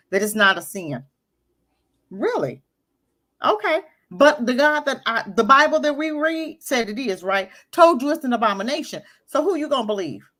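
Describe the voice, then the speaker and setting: A woman co-hosting an online talk radio show, reacting to a clip with animated, emphatic indignation. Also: high voice. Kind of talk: casual opinion talk, commenting on a played clip.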